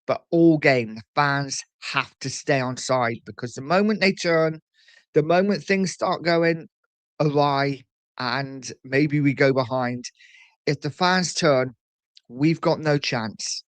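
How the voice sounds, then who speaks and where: A chatty man hosts a fan live stream, reading viewers' comments aloud and answering them. He repeats short phrases as he reacts. His voice sits a little high for a man, and it is recorded close and dry, with no room sound. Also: takes it slowly, no room sound. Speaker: fan channel host reading live chat. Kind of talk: casual live-stream chat.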